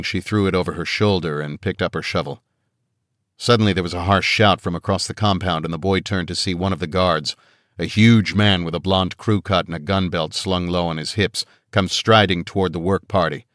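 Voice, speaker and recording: Reading scripted fantasy narration, this very deep-voiced man keeps a calm, even pace. The audio is close-miked and dry, with no echo at all.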